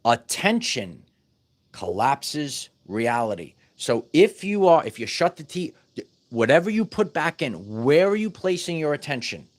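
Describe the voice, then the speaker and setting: A man's voice: a little high, sing-song, normal speed. A man giving a casual spiritual teaching talk to his viewers, emphatic and full of repeated words and restarts. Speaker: spiritual wellness vlogger.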